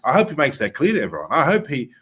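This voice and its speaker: A man hosting a political talk show, speaking earnestly with frequent filler pauses. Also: fairly high pitch, wildly swooping pitch, fairly bright tone, slightly rough. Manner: earnest, many filler uhs, rising emphasis. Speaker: host.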